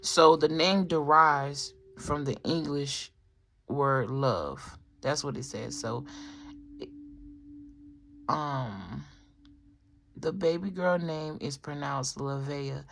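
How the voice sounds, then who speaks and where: A tarot reader with a mid-range, fairly bright voice gives a casual spoken reading, with a little hiss or hum in the background. Chatty, she speaks straight to viewers, rambling with restarts and filler asides.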